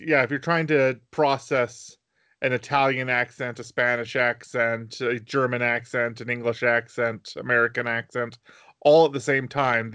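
A man's voice: medium pitch, a bit bright, no echo. A man co-hosting a podcast, explaining at length in casual chat and acting out quoted lines. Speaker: podcast co-host.

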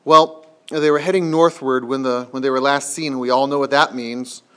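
A man's voice: mid-range voice, fairly even intonation, moderate pace, a bit bright, smooth, lightly acted. A man voicing a talkative, gloomy male beaver while reading a storybook aloud.

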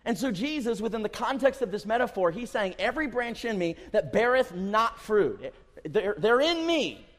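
A man's voice: sits high, sing-song, normal speed, fairly bright tone. A man preaching a sermon in a church, emphatic and repetitive, stressing his points again and again. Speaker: pastor. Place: church sanctuary. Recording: long church reverb.

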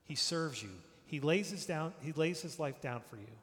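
Male preacher with a slightly high voice, emphatic and repetitive, dropping to a hush on key words; recorded with long church-hall reverb. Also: expressive, moderate pace. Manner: emphatic, repeats phrases, drops to a hush at line ends. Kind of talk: sermon.

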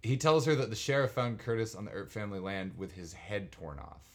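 Low-voiced man, dry plot recap. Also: a little fast. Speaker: podcast co-host recapping a show. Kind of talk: casual chat, plot summary.

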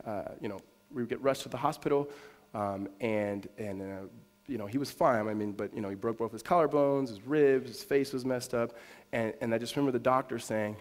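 A man preaching a sermon, telling a story that drops to a hush and rises to loud, high-pitched emphasis. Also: fairly quick. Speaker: pastor. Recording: long hall reverb.

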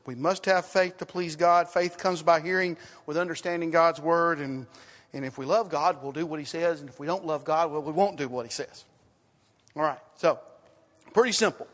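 Preacher guy with a high voice, big church reverb, keeps repeating himself and asking the crowd questions. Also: normal speed. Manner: emphatic, repeats phrases, asks rhetorical questions, swings from loud to hushed. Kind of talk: sermon. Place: church sanctuary.

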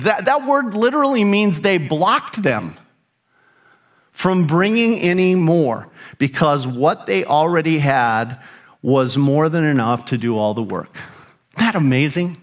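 A man's voice: on the high side, very animated, slow. A middle-aged man preaching a sermon as pastor, emphatic, with rhetorical questions and rising emphasis on key phrases.

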